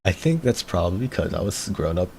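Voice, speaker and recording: Young man, streamer, deep voice, gravelly, rambling casual chat. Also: sing-song, fast talker, darkish tone, a little hiss or hum. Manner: rambling, laughs often, repeats words. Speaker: VTuber streamer.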